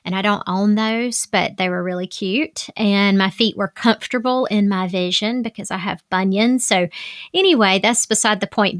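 A woman's voice: medium pitch, a bit bright, no echo, clean studio sound. A middle-aged woman hosting a podcast, talking in a candid, chatty way with asides and fillers. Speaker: podcast host. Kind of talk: casual solo podcast talk.

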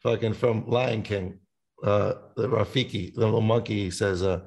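Casting: gravelly-voiced male musician, rambly and profane, podcast guest. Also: lowish voice, steady tone, normal speed, a little mellow. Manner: rambling, swears a lot, sings snippets. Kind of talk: casual podcast chat.

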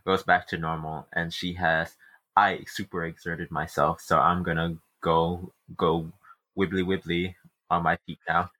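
A man co-hosting a casual book-club podcast, animatedly retelling chapters with quick restarts. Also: low-pitched, level tone, sharp tone. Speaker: podcast co-host.

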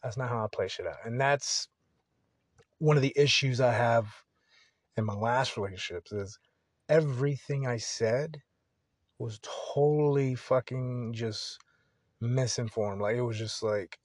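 A man's voice: mid-range voice, a little slow. A young man talking on his own podcast in a loose, rambling way, full of swearing and restarts. His voice sits in a middle register. The sound is dry and close, with no room echo. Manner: rambling, profane, candid. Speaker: podcast host. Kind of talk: casual solo podcast monologue.

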